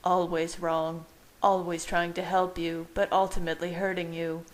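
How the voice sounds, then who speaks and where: A woman voicing a brooding, devoted young husband who speaks in a hushed, choked, apologetic way in her own low voice. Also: level tone, normal speed, natural voice. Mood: remorseful.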